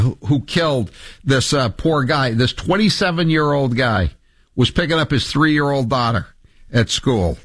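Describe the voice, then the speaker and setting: A man's voice: medium pitch, a bit bright, no echo. A male talk radio host, blunt and combative, mocking his opponents while taking calls.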